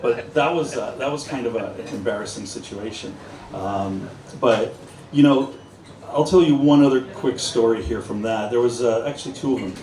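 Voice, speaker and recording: This man, once in law enforcement, shares humorous anecdotes live to a pub audience and voices the dialogue. He speaks at a moderate pace in a medium-pitched, slightly mellow voice; the sound is echoey and distant, with crowd noise.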